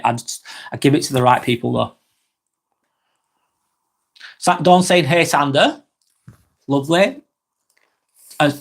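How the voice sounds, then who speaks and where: A man hosting a live stream, reading viewers' comments aloud and chatting back in a casual, rambling way. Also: a little high. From England.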